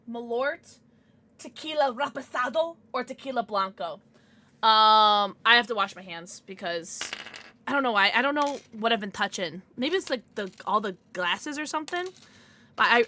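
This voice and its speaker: Giddy high-pitched young woman streamer. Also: normal speed, sharp tone, slight background noise. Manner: giddy, squealing and laughing, emotional. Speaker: livestreamer. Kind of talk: casual livestream chat with viewers.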